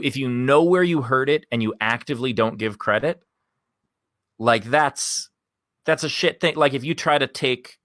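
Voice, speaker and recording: A man's voice: medium pitch, fairly bright tone, dry recording, studio quality. A male comedian telling a long story on a podcast in a candid, rambling way and swearing casually. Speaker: guest comedian.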